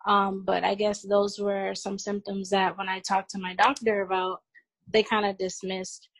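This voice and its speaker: A woman guest on a video call, thoughtfully sharing a personal account with many pauses. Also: mid-range voice, completely flat delivery, no room sound.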